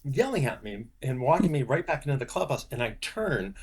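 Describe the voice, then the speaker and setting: A man in his sixties, a sports business executive, telling stories as a podcast guest, animated and full of fillers and restarts. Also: mid-range voice, a little fast, slightly rough. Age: 60s. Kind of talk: podcast interview, anecdote telling.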